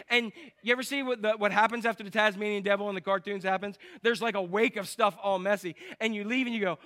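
A man preaching a sermon as pastor, animated, acting out the people in his stories. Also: high voice, very fast. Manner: animated storytelling, acts out quotes.

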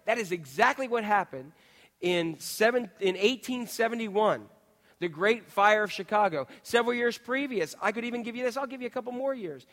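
A male preacher with a high-pitched voice delivers a sermon in a church. He keeps throwing rhetorical questions at his listeners and swings from quiet asides to sudden loud outbursts. His words ring out with a long reverb from the large hall. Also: expressive, a little fast. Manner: peppers the audience with rhetorical questions.

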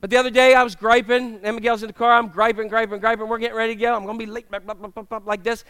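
High-voiced male pastor, joking sermon. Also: rapid-fire, clean tone, no room sound. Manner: humorous, storytelling, animated delivery with acted quotes. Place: church sanctuary with congregation.

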